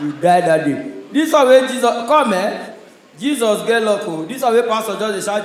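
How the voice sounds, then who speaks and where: A man with a Nigerian accent doing a stand-up comedy set on a stage, telling stories in a loud, punchy way. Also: high voice, expressive, brisk, echoey room, low-quality recording. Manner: loud, punchy storytelling in pidgin.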